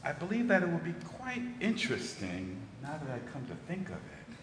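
A man's voice: fairly high pitch, wildly swooping pitch, fairly quick. A man reading aloud as an eager, imaginative orphan girl, dreamy and gushing, in a church. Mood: cheerful. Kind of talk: dramatic reading in a service. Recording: roomy hall with long reverb.

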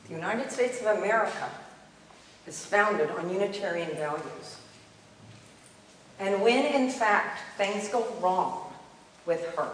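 In the sanctuary of a church, a woman on the congregational life staff gives an earnest, emphatic sermon, repeating key phrases, in a mid-range voice. The audio, from a distant mic in an echoey hall, has slight background noise.

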